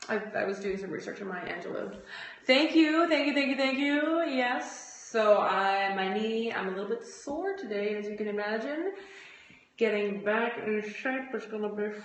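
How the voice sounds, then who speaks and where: An athlete hosts a phone livestream from a room at home, chatting casually and rambling with lots of fillers. Her voice is mid-range at a normal speed, and the recording sounds roomy.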